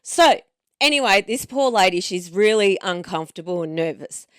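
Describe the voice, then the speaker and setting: A woman co-hosts a podcast, chatting casually and drifting off on tangents as she tells a story. Her mid-range voice is expressive and clean at a normal speed, captured dry on a studio microphone with studio quality.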